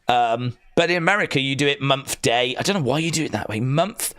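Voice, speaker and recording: A man's voice: medium pitch, expressive, a little fast, fairly bright tone. An English man with an English accent, hosting a wrestling watch-along live stream and chatting casually in a rambling, joking way. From England.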